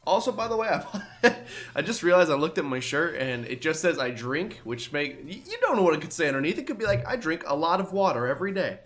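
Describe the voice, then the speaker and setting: A man's voice: on the high side, fairly bright tone. Groggy, chatty young man at play. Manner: rambling, self-deprecating, chatty. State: groggy, just woke up. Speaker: let's play host. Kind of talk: casual gameplay commentary.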